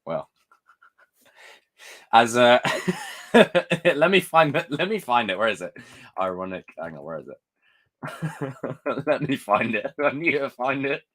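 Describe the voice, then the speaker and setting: A young man chatting on a live stream, ranting and swearing in an excitable way. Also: medium pitch, takes it slowly, pauses often. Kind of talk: casual live-stream chat.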